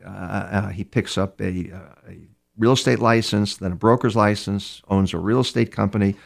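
Gravelly low-voiced man telling case stories. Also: fairly even intonation, normal speed. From New York. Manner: rambling, with frequent restarts and repeated words; acts out other speakers' words inside his stories. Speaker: criminal profiler, guest. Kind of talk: storytelling in a conversational interview.

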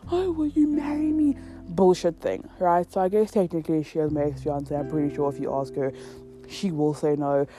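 With music playing behind her, a young woman tells her viewers a casual storytime, swearing heavily and acting out the quotes with animation. Her voice is low and fairly quick.

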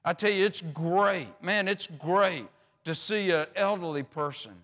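High-voiced preacher in an echoey church. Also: male voice, a little slow, fairly bright tone. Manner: folksy, rambling, many restarts and fillers. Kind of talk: sermon.

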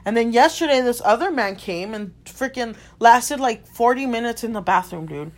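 A woman's voice: fairly high pitch, expressive, moderate pace. A young adult woman, a store clerk, animatedly telling a story in casual chat, swearing and saying "dude" and "like" a lot.

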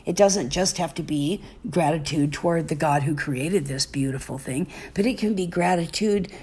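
A middle-aged woman hosting a parenting advice talk, speaking softly and slowly, often dropping to a whisper. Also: low-pitched, breathy edge. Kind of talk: gentle spoken advice monologue.

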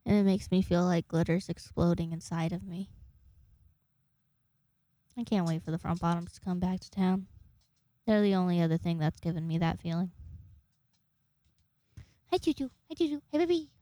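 A woman's voice: fairly low pitch, little pitch movement, normal speed, pauses often, warm tone, no echo. A young woman hosting a casual monologue, rambling in a chatty way and swearing freely. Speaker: host.

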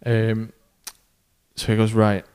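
Telling a laid-back story on a podcast, a smooth-voiced male co-host voices each person in it with animated changes in pitch and volume. Fillers like um and uh pop up whenever he pauses.

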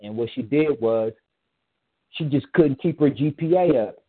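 A man's voice: medium pitch, measured pace, slightly rough. A man in casual chat, telling a personal story in a rambling, emphatic way with frequent restarts. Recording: tinny phone-line sound.

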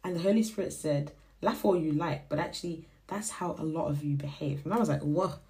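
A young woman whose first language is Shona hosts a podcast, telling a faith reflection in a casual, animated way and acting out the voices she quotes. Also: deep voice, a little fast. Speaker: podcast host.

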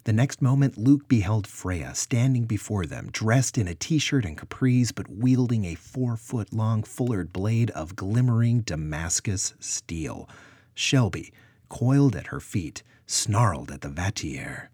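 A man reading a story aloud as narrator, in an expressive storytelling manner. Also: lowish voice, measured pace, breathy edge, dry recording, studio quality. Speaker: audiobook narrator. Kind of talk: scripted narration.

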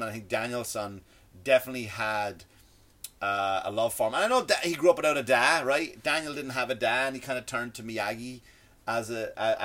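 A man's voice: mid-range voice, a bit bright. A man with a non-American accent, seated indoors, rambling through a comedic rant, stammering and restarting often, with a sarcastic, mocking tone. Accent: non-American English.

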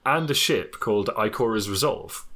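A man's voice: on the low side, normal speed, bright, forceful tone. A man co-hosting a casual gaming podcast, joking and laughing often, trailing off with fillers. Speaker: podcast co-host.

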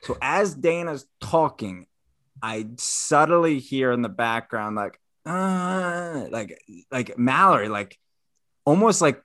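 A man co-hosting a podcast, telling a story in a casual, animated way and acting out the people in it. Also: medium pitch, takes it slowly. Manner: animated, acts out every voice. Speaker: podcast co-host.

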